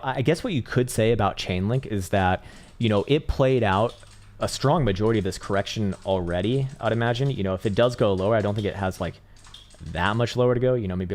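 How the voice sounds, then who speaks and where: Deep-voiced male live-stream host, casual and profane, chatty with viewers; keyboard typing behind. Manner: laid-back, swears often, says "man" a lot, laughs loudly. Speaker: livestream crypto trading host.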